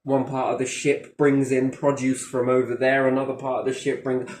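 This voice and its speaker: A man's voice: medium pitch, little pitch movement, moderate pace, hardly any pauses, a little mellow. A man in casual chat, rambling and swearing, joking and acting out little dialogues. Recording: roomy echo.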